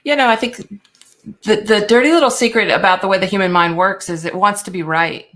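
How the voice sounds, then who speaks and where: A woman's voice: mid-range voice, a little fast, fairly bright tone. A woman coach explaining how the mind works, emphatic and confident. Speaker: guest, coach. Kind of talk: motivational talk.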